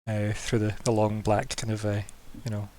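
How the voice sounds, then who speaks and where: A man's voice: on the low side, flat delivery, normal speed, warm tone, rough recording. A man narrating a tabletop game as game master, casual and full of fillers.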